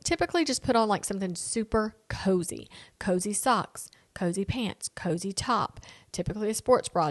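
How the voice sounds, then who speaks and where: Woman in her late 30s just chatting on her podcast, candid, talking right to you. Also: mid-range voice. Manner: chatty, candid, talks straight to listeners. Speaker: podcast host. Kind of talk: casual solo podcast chat. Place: home lounge.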